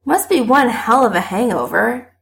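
A woman reading an audiobook voices an excitable, blunt young woman who gushes and squeals. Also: moderate pace, vocal fry. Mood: chatty. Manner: high, gushing, loud squeals. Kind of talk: audiobook character voice.

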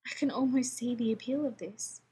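A woman's voice: on the high side, normal speed, husky. A woman voicing a sarcastic grumpy scientist. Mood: breathless. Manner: snappish, sarcastic. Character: grumpy demanding scientist man, sarcastic and complaining.

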